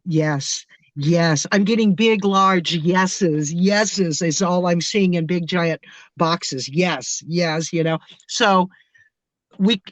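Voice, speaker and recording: A woman's voice: lowish voice, takes it slowly, dry recording, low-quality recording. A woman on a video call, talking in an emotional, effusive, rambling way. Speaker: guest. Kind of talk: casual chat.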